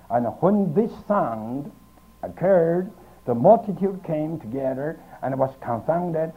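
A man preaching in a high, very lively voice that rises and falls sharply as he presses each point. He speaks slowly and deliberately, pausing between phrases. The sound is thin and tinny, like an old phone line. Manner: slow, emphatic teaching with long pauses. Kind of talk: archival sermon. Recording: tinny phone-like archive recording.

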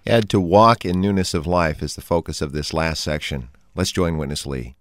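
A man hosting a Christian program, introducing segments and posing questions in a measured way. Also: extremely low pitch, no echo, studio quality. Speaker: radio program host.

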